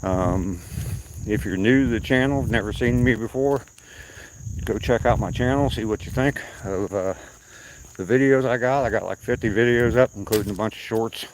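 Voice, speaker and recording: Walking outside at night, a low-voiced older man with a slight Southern accent talks at normal speed to his live-stream viewers, drifting casually from subject to subject. Background noise is audible.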